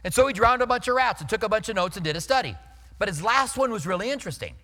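A male pastor preaching a sermon in a conversational, storytelling way, emphatic, dropping his voice low for serious points. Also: sing-song, rapid-fire, sharp tone, long reverb tail.

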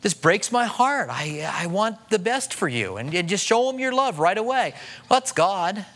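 A man's voice: high-pitched, sing-song, moderate pace, fairly bright tone. A middle-aged man preaching a sermon in a conversational way, acting out the voices of the people he quotes. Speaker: pastor.

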